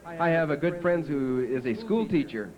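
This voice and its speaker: A man's voice: fairly high pitch, moderate pace, lo-fi sound. A man with a Canadian accent emceeing a festival on stage, telling jokes and announcing winners in a folksy, punning way. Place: outdoor small-town festival stage. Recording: home video with festival crowd.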